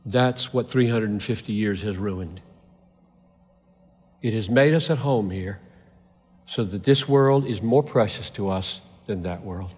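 A man's voice: fairly low pitch, unhurried, pauses often, a little mellow, breathy edge. A man preaching a sermon with fervor, driving his points home through repeated rhetorical questions. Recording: long hall reverb.

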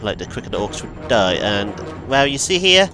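Excitable man commenting on gameplay. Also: lowish voice, moderate pace, music in the background. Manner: excitable, yelps and chatty asides. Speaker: gaming video host. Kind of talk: let's play commentary.

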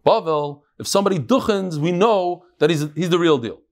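A man giving a live Talmud lecture to a study hall, lively and joking, freely mixing in Hebrew and Aramaic terms. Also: high-pitched, moderate pace. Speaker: Talmud class teacher.

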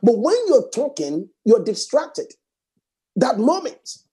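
A man preaching a sermon fervently, repeating phrases and swinging from raised exclamations to hushed prayer. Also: very high-pitched, big pitch swings, slow, slightly rough.

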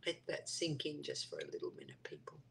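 A woman's voice: deep voice, big pitch swings, quick pace, creaky, a bit bright, slight background noise. A woman hosting a live stream, chatting casually and reading out viewer comments and answering them. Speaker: livestream host.

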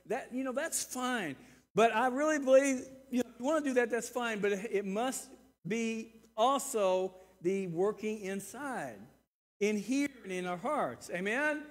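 A man in his sixties preaching a sermon, earnest and repeating words, swinging between loud emphasis and quiet asides. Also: high voice. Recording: reverberant church hall.

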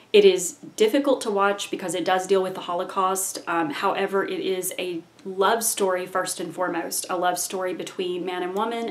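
Woman film vlogger, slightly low voice, earnest and enthusiastic, casual delivery with ums and restarts. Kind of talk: casual film recommendations to camera.

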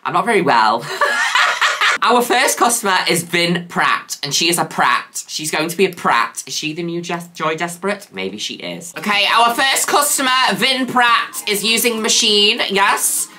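Woman host for a gameplay vlog: camp, theatrical, bright voice that swoops all over. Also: lively intonation, normal speed, hardly any pauses. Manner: theatrical and camp, with playful catchphrases; swoops between high squeals and low drawls. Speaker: gaming video host. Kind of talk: casual gameplay commentary.

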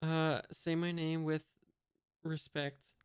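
A man reading the lines of a hot-tempered young male cook in a flat, plain voice. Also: fairly high pitch, slow, clear, resonant tone, dry recording. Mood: curt.

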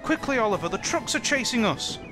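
A man doing an excitable, high-voiced engine driver. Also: a little fast, over music. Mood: urgent. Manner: urgent, exclaiming. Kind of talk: storybook character voice.

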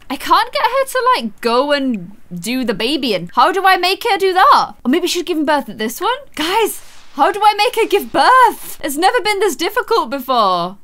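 Excitable high-voiced Irish woman gamer. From Ireland. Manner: excitable, frequent gasps and squeals. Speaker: gaming YouTuber. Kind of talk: excited let's-play commentary.

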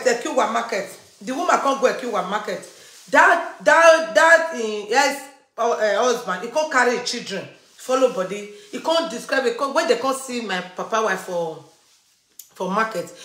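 Woman with a Nigerian Pidgin accent, bright tone. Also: fairly high pitch. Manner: repetitive, emphatic retelling. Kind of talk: personal storytelling. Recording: echoey room.

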